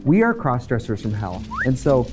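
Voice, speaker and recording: A man's voice: medium pitch, big pitch swings, normal speed, music in the background. A man in his thirties, a drag performer co-hosting a comedic chat, talking in a brash, mock-ranting way. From Wisconsin, United States. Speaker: co-host.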